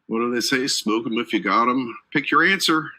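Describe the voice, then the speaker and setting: A man's voice: medium pitch, normal speed, sharp tone, rough recording. A man instructor giving a live online training lecture, chatty and joking with his audience between points. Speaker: certification exam instructor. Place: based in Atlanta.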